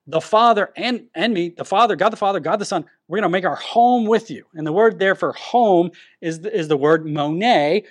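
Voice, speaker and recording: Guy preaching a sermon, kinda high-ish voice, goes verse by verse, restarts a lot. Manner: teaching verse by verse, emphatic with frequent restarts. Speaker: pastor.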